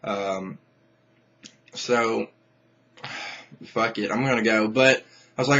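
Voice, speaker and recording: A man's voice: mid-range voice, fairly even intonation, brisk, a bit bright, muffled recording. A young man venting to camera in a casual vlog rant, angry and profane, rambling with many restarts. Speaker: vlogger.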